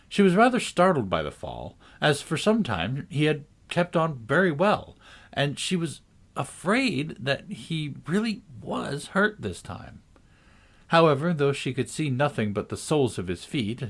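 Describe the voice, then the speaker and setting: A man reading a classic storybook aloud in a measured, expressive way. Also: on the low side. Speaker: narrator.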